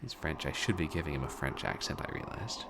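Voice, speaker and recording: A man streaming a dating game, dropping dry, quiet asides between lines of dialogue. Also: extremely low pitch, expressive, brisk, heavy background noise. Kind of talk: casual game commentary. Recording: game music behind the voice.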